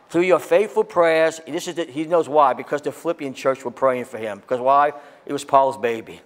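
A man, a pastor, preaching a sermon with impassioned, excitable delivery that swings between loud peaks and quiet scripture reading. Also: mid-range voice, moderate pace, few pauses.

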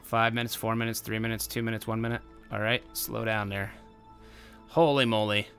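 A young man giving casual let's-play commentary, excitable and bursting into loud exclamations. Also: on the low side, normal speed, faint music behind. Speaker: gameplay commentator.

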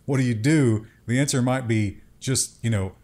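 A man's voice: mid-range voice, normal speed, darkish tone. A man co-hosting a tech news show, chatting casually with wry, joking asides. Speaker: co-host.

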